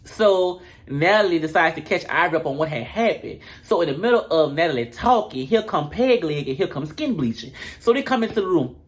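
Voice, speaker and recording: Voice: mid-range voice, expressive, a little fast, hardly any pauses. Brash, profane reality-TV recapper. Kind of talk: casual comedic recap.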